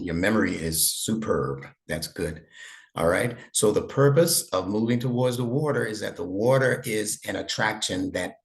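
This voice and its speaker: A man's voice: low-pitched, creaky. A man teaching an online lesson over a video call, patient and encouraging, praising his student often. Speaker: instructor.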